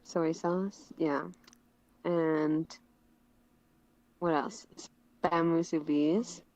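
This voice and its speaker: A woman hosts a laid-back conversation, drawing out her words at a very slow pace. Her voice sits a touch low, and she laughs easily between hesitant phrases. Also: fairly even intonation, darkish tone, no room sound, lo-fi sound. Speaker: streamer host. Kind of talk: casual chat.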